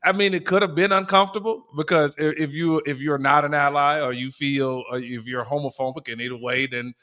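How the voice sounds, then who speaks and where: A man's voice: fairly high pitch, fairly even intonation, a little fast, sharp tone. A man co-hosting a podcast, telling a story in a laid-back way and acting out the lines he quotes. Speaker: podcast co-host. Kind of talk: casual chat, storytelling.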